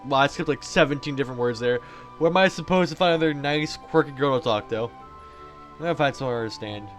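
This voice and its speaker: A man's voice: medium pitch, a little fast, faint music behind. Man reading a game aloud with asides. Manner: casual, trips over words and adds jokey asides. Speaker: player reading a visual novel aloud. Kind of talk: game playthrough, reading and commenting.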